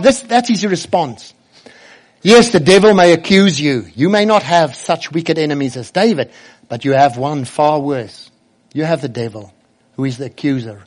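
Man, preacher, sermon, slightly higher voice, emphatic, drawn-out scripture quotes.

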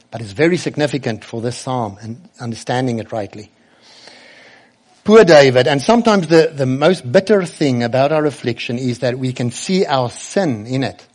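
A man's voice: mid-range voice, expressive, moderate pace, a little mellow. Earnest male preacher. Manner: earnest, asks the children questions directly. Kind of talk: sermon.

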